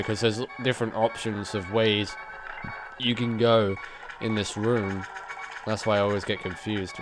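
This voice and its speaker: A man's voice: fairly low pitch, poor audio. Chatty male gamer with a stuffy nose. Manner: chatty, rambling, chuckles often. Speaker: let's play gamer. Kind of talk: casual gameplay commentary. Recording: game music playing behind.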